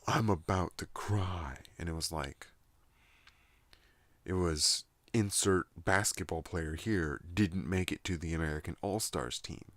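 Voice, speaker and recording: A man hosting a soft-spoken ASMR channel, rambling at home in a soothing, unhurried monologue. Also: deep voice, dry recording. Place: at home in a trailer.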